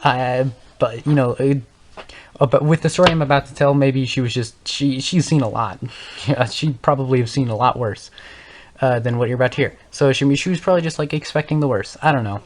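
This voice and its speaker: Over slight background noise, a teen gaming channel host in his early teens speaks fairly quickly at medium pitch. His casual story wanders, full of self-corrections and laughter.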